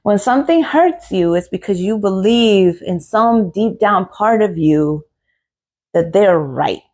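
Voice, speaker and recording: A woman's voice: medium pitch, expressive, takes it slowly, a little mellow. A middle-aged woman hosting a podcast, giving an earnest motivational monologue full of repeated phrases and rhetorical questions. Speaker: podcast host.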